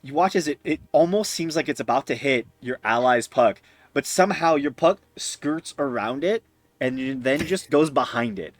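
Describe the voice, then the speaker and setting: A man narrating as game master, pausing often with fillers. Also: medium pitch, animated. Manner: hesitant, many fillers.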